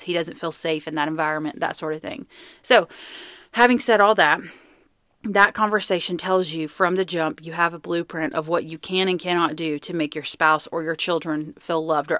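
A young woman talks earnestly on her podcast, sharing relationship advice in a chatty, conversational way. Her voice sits low. The recording is dry and close, with no room sound. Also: fairly bright tone, dry recording. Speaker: podcast host. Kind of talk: casual advice talk.

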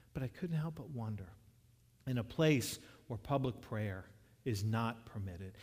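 A man's voice: mid-range voice, a little mellow, long reverb tail. A man preaching a sermon, telling a story in a conversational way with frequent restarts. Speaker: pastor.

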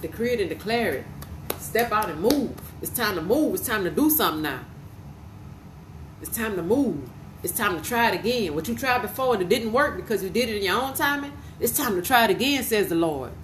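A woman's voice: mid-range voice, lively intonation, brisk, a little hiss or hum. Fervent woman preaching a prophetic word. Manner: fervent, repetitive, punctuated with hallelujahs; speaks directly to listeners as "y'all". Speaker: preacher and podcast host. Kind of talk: prophetic podcast sermon.

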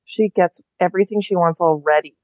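A woman co-hosting a podcast, easygoing and agreeable in casual chat. Her voice sits on the low side. It comes through a muffled, lo-fi video call line. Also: a little fast. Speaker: podcast co-host. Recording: dull lo-fi video call audio.

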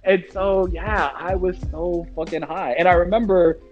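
A man with a high voice tells a story in a loose, casual way and swears freely. He leans on fillers and asides as he talks. The sound is a little dull and lo-fi, with faint music underneath. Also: fairly even intonation, moderate pace.

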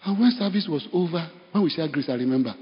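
Nigerian pastor preaching in a hall. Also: male voice, on the high side, fast talker. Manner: storytelling, animated, bursts of laughter. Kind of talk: sermon. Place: church. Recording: dull sound in a reverberant hall.

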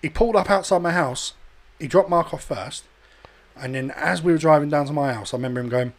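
Man, podcast host, sweary, animated storytelling, slightly high voice. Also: fairly quick, slight background noise. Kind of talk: casual chat, storytelling.

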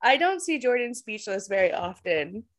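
A woman co-hosting a casual podcast chat over a video call, animated and quick to laugh. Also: mid-range voice, heavy background noise. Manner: giggly, animated, laughs often. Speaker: podcast co-host and tarot reader.

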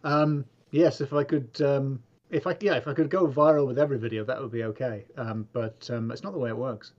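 A dry, self-deprecating man from England chats as a podcast guest, hesitating often with ums and false starts. His voice sits at a middling pitch. The audio comes through dull and lo-fi. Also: fairly even intonation, brisk, a little mellow. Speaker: guest, comedy video maker. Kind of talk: casual podcast chat.

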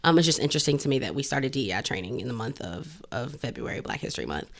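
A woman in her thirties co-hosts a casual podcast, talking bluntly with plenty of profanity, animated and laughing often. Her voice is rumbling and low, and her pace is quick.

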